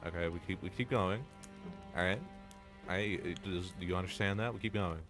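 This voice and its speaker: A man with a very low voice gives casual commentary while he plays a game. He rambles, repeats himself and jokes crudely. Faint music plays underneath. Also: normal speed. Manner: rambling, repetitive, crude and joking. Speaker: game streamer.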